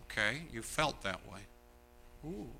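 A man preaching a sermon as pastor, animated and mocking, swinging between loud outbursts and hushed asides. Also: medium pitch, measured pace, gravelly, slight background noise.

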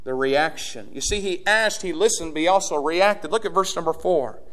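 A man preaches a sermon in a notably high voice. He swings from quiet, low passages up to fervent shouted appeals aimed at his congregation. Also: normal speed.

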